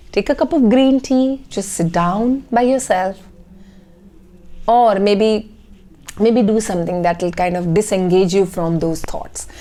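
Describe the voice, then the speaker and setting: A woman's voice: fairly high pitch, warm tone. A woman, speaking as a life coach in a motivational talk to camera and checking in often with "okay?".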